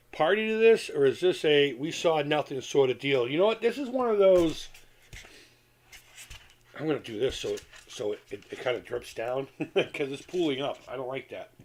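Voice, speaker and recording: A man hosting a casual live stream from home, rambling and swearing as he reads chat aloud and works on a craft project. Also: on the high side. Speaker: retro gaming channel host.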